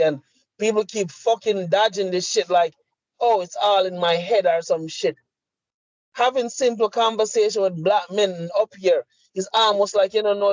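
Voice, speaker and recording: A man's voice: high voice, dry recording. Fired-up Jamaican man ranting. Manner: impassioned, profane, emphatic. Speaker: podcast co-host. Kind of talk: heated opinion rant. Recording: dry, slightly muffled lo-fi audio.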